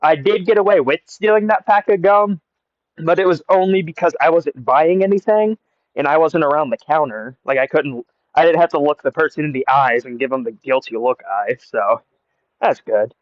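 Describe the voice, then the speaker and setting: A young American man, a storyteller vlogger, rambles through a casual story outdoors, laughing often. His voice sits a little high and moves at a moderate pace. It's captured on earbud mics, so the recording is dry, muffled and lo-fi.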